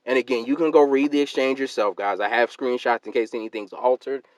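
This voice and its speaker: A man delivers a heated solo rant straight to his viewers. His voice sits at an ordinary middle pitch, and he keeps hammering and repeating his points. The sound is dry and close, with no room echo. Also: steady tone, fairly quick. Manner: emphatic and argumentative, repeats points, calls listeners fam and sister. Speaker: YouTube channel host.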